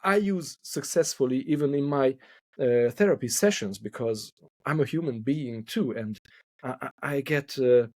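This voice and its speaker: At medium pitch and normal speed, a slightly mellow male voice with no echo belongs to a couple therapist from Hungary. Being interviewed on a podcast in English, his second language, he speaks thoughtfully and repeats words as he hunts for the right ones.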